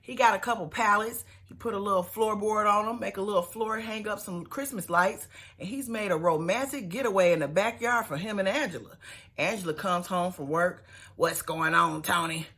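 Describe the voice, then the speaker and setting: A woman's voice: mid-range voice, a little fast, fairly bright tone. A woman, casually recapping a reality show with sassy, mocking asides and bursts of laughter.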